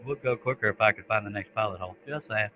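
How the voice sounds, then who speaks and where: A man's voice: fairly low pitch, fast talker, narrow, tinny audio, slight background noise. A man hosting a live stream, chatting casually and joking to himself as he works in his workshop. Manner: joking, talks to himself while working. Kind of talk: casual chat while woodworking.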